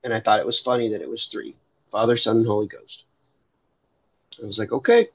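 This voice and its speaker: A man's voice: on the low side, fairly even intonation, a little fast, vocal fry, husky, dull audio. A middle-aged man sharing a personal faith testimony in a loose, rambling storytelling way, often restarting his sentences. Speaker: Christian livestreamer and foster parent.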